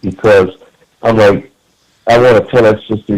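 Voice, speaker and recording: A man's voice: lowish voice, steady tone, normal speed, a little mellow, low-quality recording. A man calling in to a radio talk show, speaking in an earnest, emphatic way with frequent repeated words and restarts. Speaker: caller.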